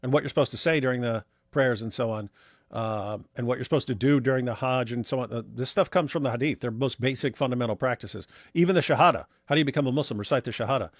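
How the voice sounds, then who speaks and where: Brief: male co-host, mid-pitched, dry close sound, wry and rambling. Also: fast, no echo. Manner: rambling, wry, many restarts. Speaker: livestream co-host reading super chats. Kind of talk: casual livestream chat.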